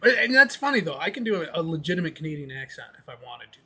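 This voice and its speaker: A young man from Minnesota co-hosting a podcast, chatting casually in an excitable, profane, jokey way. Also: on the high side, fast talker, husky. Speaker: podcast co-host. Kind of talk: casual chat.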